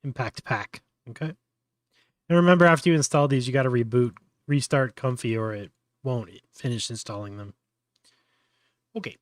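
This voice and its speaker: A man's voice: on the high side, dry recording, studio quality. A man hosting a casual live tutorial, thinking aloud with many fillers and restarts. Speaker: host.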